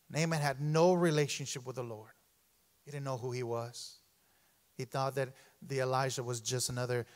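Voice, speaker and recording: A man preaching a sermon in a church, animated and calling out to the congregation, often repeating himself. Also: medium pitch. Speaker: pastor. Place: church sanctuary.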